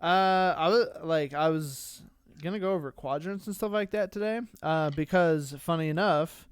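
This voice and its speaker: A man's voice: fairly high pitch, normal speed, clean tone, no echo, studio quality. A man co-hosting a casual streaming podcast, rambling with many fillers and restarts. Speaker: podcast co-host.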